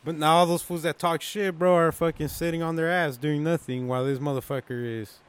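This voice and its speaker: A man's voice: a little high, fairly even intonation, brisk, clean tone. A man co-hosting a podcast, chatting in a slangy, profane, teasing way. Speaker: podcast co-host. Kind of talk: casual chat.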